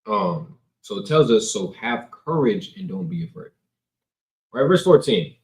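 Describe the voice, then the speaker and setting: Man preacher, casual street-talk teaching, lively pitch, roomy camera sound. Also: unhurried. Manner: conversational, slangy, reads scripture then riffs. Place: indoors, filming himself on camera. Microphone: camera mic. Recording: roomy echo.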